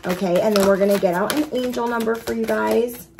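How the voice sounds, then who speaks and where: Chatty, excitable woman tarot reader. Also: on the high side, fairly quick, creaky, heavy background noise. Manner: chatty and excitable, speaks directly to viewers. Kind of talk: casual tarot reading to viewers.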